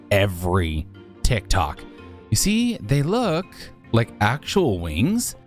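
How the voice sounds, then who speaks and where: A man giving casual, jokey commentary while building in a video game, his voice jumping up high when he exclaims. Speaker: Minecraft YouTuber.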